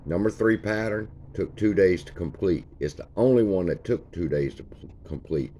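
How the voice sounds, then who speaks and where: Sharing his screen, a man gives a relaxed, homespun tour of a chart for his stock channel, calling attention to its features as he goes. He speaks at a moderate pace in a low, warm, expressive voice, and the highs are cut off.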